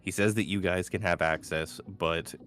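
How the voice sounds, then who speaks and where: A man's voice: deep voice, fairly even intonation, normal speed, a bit bright, faint music behind. A man running a tabletop game as game master, narrating with lots of fillers and restarts. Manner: rambling, many fillers and restarts.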